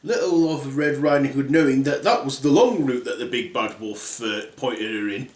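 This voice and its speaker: A man telling a comic fairy tale in a casual, crude, rambling way. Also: on the high side. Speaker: storyteller. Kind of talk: comic storytelling. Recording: roomy echo.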